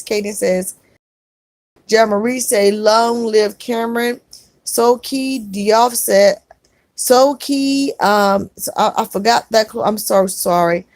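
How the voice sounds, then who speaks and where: A woman's voice: on the high side, dry recording. A middle-aged woman hosting a casual livestream, reading viewer comments aloud and answering with earnest comfort, often saying "y'all.".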